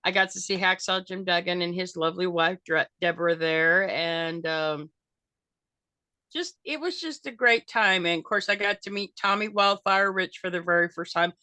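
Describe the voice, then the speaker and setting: Bright-voiced older woman, rambling chat. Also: fairly low pitch, moderate pace, smooth, dry recording. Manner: rambling with many fillers and restarts. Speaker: guest. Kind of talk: casual interview chat.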